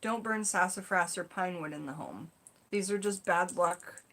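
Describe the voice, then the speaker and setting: A woman's voice: on the low side, normal speed, fairly bright tone. Chatty rambling woman vlogger. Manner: rambling and chatty, with many fillers and asides. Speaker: witchcraft vlogger. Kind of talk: casual chat, reading from a folk magic book.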